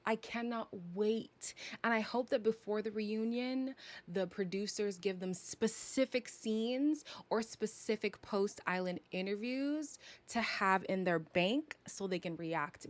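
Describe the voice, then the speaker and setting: Speaking at a measured pace in a mid-range voice with no room sound, a young Canadian woman reviews a reality show live on stream. Her casual take is sassy and dramatic, full of teasing and laughs.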